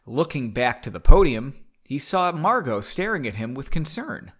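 A man's voice: medium pitch, big pitch swings, normal speed, a bit bright. A man reading a story aloud casually, breaking off into playful, self-mocking asides. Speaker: story reader.

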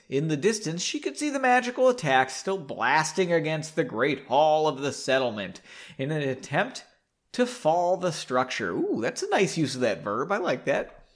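A man's voice: fairly high pitch, a bit bright. A man hosting a podcast, reading a story aloud and breaking in with sarcastic, mocking asides. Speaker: podcast host.

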